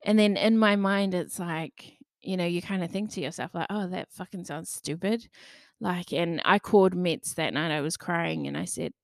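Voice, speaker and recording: A young woman podcaster with a fairly low voice and vocal fry talks at normal speed in a candid personal monologue. She's loose and chatty, full of fillers and the odd swear word, recorded at studio quality with no room sound.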